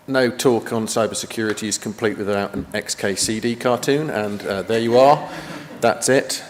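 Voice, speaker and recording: A man giving a conference talk in a chatty style, with joking asides, in a meeting room. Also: on the low side. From United Kingdom. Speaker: conference presenter. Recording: long reverb of a meeting hall.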